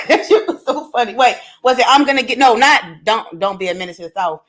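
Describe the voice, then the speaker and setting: A woman's voice: fairly high pitch, lively intonation, fairly quick. A woman co-hosting a live stream in casual chat, talking bluntly and with animation, swearing freely and laughing often. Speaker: livestream co-host.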